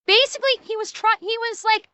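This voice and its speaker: A woman's voice: very high-pitched, a little fast, pushed and bright, no room sound. A woman streamer giving blunt, heated, profane commentary while reacting to clips.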